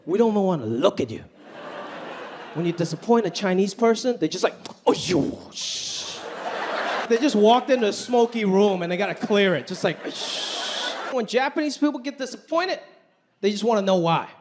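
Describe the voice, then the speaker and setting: Very high animated male comic. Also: fairly quick, background noise. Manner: animated, laughs through lines, does loud guttural impressions. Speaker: stand-up comedian. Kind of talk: stand-up set.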